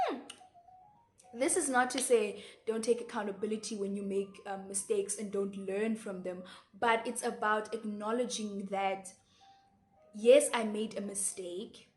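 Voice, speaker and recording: A woman in her twenties with a South African Xhosa accent, giving earnest, reflective life advice to camera in a casual vlog, often repeating words and slipping into Xhosa phrases. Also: mid-range voice. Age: 20s. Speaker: vlogger. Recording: echoey room with faint background music.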